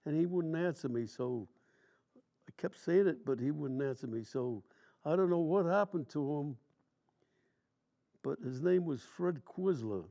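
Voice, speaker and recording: A high, gravelly voice belongs to an elderly man in his nineties as he recounts old war memories in a plain, meandering way. His tone is dark and mellow, and his grammar is loose and everyday, like casual talk. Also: a little slow, pauses often. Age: 90s. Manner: plain, rambling storyteller with colloquial grammar. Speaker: WWII veteran interviewee. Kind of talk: telling war stories in an interview.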